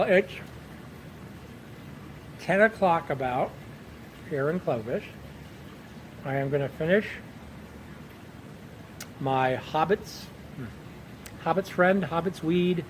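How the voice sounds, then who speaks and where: Rambling, pitched-up man outdoors at night. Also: slight background noise, rough recording. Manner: rambling, chuckling storyteller. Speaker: pipe-smoking vlogger. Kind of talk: casual chat.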